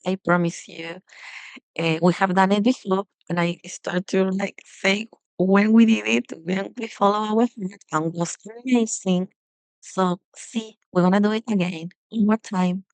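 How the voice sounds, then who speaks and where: A woman yoga teacher giving a casual self-love talk with guided breathing, speaking softly and gently with frequent fillers and restarts. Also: mid-range voice, steady tone, a little slow, no echo, low-quality recording.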